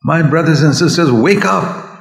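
A man's voice: a little high, normal speed, gravelly. An older man from India preaching an earnest sermon, often rising to an emphatic, raised voice. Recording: echoey hall sound.

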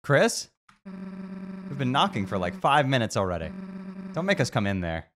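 A man's voice: sits low, very animated, unhurried, noisy background. A man voicing a brash, tough teenage girl friend in a game playthrough, talking in a blunt, teasing way. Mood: impatient. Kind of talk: voice acting over a game playthrough.

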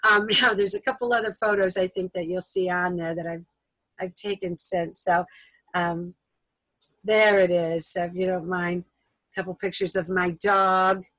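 Woman, instructor, step-by-step tutorial, patient, bright tone, dry close sound. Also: fairly low pitch, fairly even intonation, normal speed, dry recording, rough recording. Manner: patient, repeats steps, checks in with "okay?". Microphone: video call recording.

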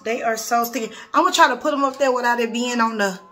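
High-voiced woman gushing over a haul. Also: fast, pushed and bright, soft background music. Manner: chatty, gushing, keeps addressing viewers as y'all. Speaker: beauty vlogger reviewing a nail haul. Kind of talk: casual haul video chat. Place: home bathroom vanity, seated.

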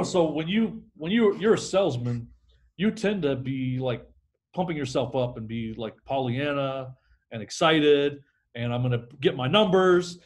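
A man's voice: mid-range voice, animated, a little slow. A middle-aged man, a sales trainer, talking energetically in a podcast interview and acting out phone calls.

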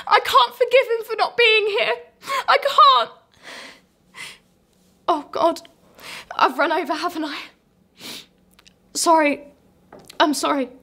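A woman's voice: very high voice, bright, forceful tone, full character voice. A grieving woman. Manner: halting, emotional, rising to raw outbursts. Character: grieving woman, raw with loss and rage. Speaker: actress. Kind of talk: dramatic monologue.

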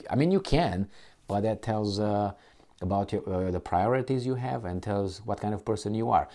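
A man giving a rambling political rant, hunting for words and turning heated when indignant. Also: animated. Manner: heated, gets louder and higher when indignant; halting, hunts for words and restarts.

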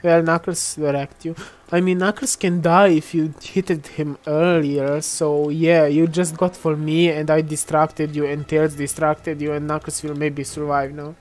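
A woman's voice: sits low, flat delivery, a little slow, darkish tone. A young woman giving casual, chatty gameplay commentary, often giggling and teasing other players. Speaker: gamer.

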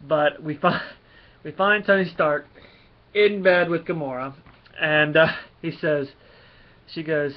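A man giving a casual spoken review of a comic, rambling and halting with many fillers. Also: fairly high pitch, steady tone, muffled recording.

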